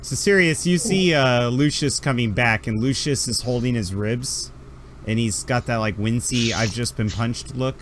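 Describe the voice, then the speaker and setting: A man running a tabletop role-playing game as game master, narrating scenes and reacting to players with animated energy. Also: normal speed, slight background noise. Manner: animated, laughing, jumps into high character shouts.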